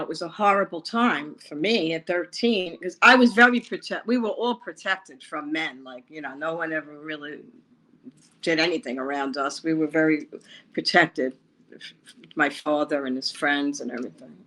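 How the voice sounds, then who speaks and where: A woman from Long Island, New York, recounting her past in an interview, with a halting, rambling, emotional way of telling it. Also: deep voice, bright, forceful tone, low-quality recording. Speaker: interview guest. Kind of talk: personal storytelling interview.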